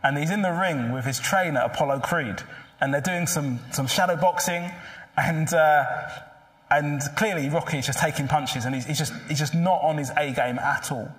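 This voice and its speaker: A man's voice: on the high side, normal speed, a bit bright. A man preaching a sermon in a church, earnest and pleading, asking many rhetorical questions. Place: church hall.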